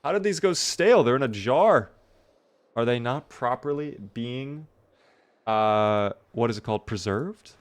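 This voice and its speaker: A man's voice: medium pitch, expressive, a little slow. A tired young man streaming a survival game, chatting casually and thanking viewers by name. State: tired, yawning. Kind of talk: casual live-stream commentary.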